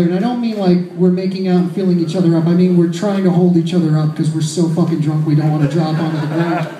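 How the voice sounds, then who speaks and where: A man's voice: high voice, dark tone. A man in his thirties telling a crude, self-mocking story as a stand-up comedian. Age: 30s. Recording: roomy echo.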